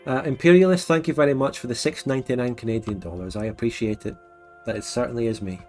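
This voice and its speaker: A Scottish man hosting a relaxed late-night livestream, chatting frankly and laughing often. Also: mid-range voice, fast talker, soft background music. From Scotland. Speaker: livestream host. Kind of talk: casual late-night stream chat.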